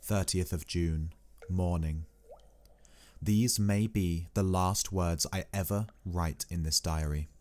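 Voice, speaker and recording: A man reading a classic novel aloud as scripted narration, calm and even. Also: deep voice, slow pace. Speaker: audiobook reader.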